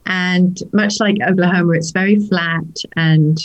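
A woman's voice: fairly low pitch, fairly even intonation, measured pace, dull audio. Friendly English woman in her fifties. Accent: English, from Norfolk. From England. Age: 50s. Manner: friendly, laughs easily. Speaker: podcast guest. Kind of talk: casual interview chat.

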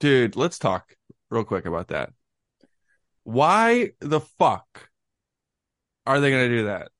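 A man's voice: medium pitch, expressive, moderate pace, fairly bright tone, no echo, studio quality. A young man co-hosting a podcast, chatting casually, joking and giving firm opinions. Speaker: podcast co-host. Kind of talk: casual chat.

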